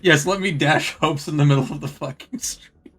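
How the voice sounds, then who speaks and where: A man's voice: fairly high pitch, moderate pace, fairly bright tone, soft background music. A man playing a tabletop game, talking casually and swearing often. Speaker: player.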